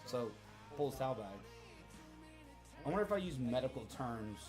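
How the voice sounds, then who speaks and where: A man's voice: medium pitch, big pitch swings, moderate pace, music in the background. A man casually telling a rambling, profane story to a live chat, repeating himself as he goes.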